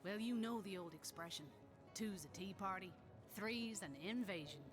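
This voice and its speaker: A woman speaking in a natural, mid-range voice at a moderate pace portrays a retired woman warrior in a video game. The character is boisterous and Southern American, with folksy, rallying speech stuffed with old sayings, and game music runs in the background.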